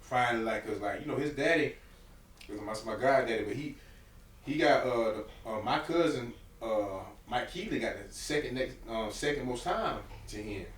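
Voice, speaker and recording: A man's voice: medium pitch, lively intonation, normal speed. A man from Florida, telling laid-back stories as a podcast guest and laughing through them. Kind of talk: casual storytelling chat. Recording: echoey room, far from the mic, faint hum.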